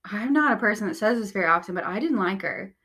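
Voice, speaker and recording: A woman talks as a podcast guest, telling a personal story in a candid, conversational way. Her speech is loose and filled with "like" as she goes, at an everyday mid pitch. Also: lively intonation, fast talker, sharp tone. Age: young adult or older.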